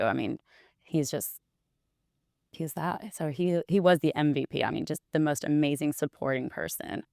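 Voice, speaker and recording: Low, smooth-voiced young woman. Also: normal speed, a little mellow, no echo, studio quality. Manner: chatty storytelling, quoting others. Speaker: interview guest, wellness bodybuilder. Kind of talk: casual interview chat.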